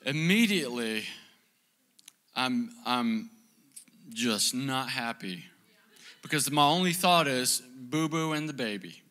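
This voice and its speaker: A young man preaching as pastor, telling a funny story about himself in an animated, self-mocking way. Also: mid-range voice, slow pace, pauses often. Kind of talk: sermon with storytelling.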